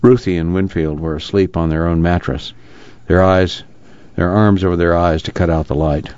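A man announcing and reading an audiobook aloud on a radio reading service, in a measured, plain manner, in a dull lo-fi recording. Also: deep voice, steady tone, a little mellow, clear, resonant tone, no room sound.

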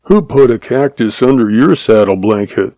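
A man voicing a slow-witted, blustering small-town sheriff who turns meek and fumbling, in an audiobook. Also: medium pitch, lively intonation, dark tone, no room sound, lightly acted. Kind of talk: audiobook character voice.

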